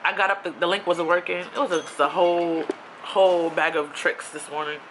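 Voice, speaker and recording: A woman's voice: lowish voice, steady tone, fairly quick, background noise. A young woman from Queens in New City, telling a rambling storytime with lots of asides. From New York City (Queens). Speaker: vlogger.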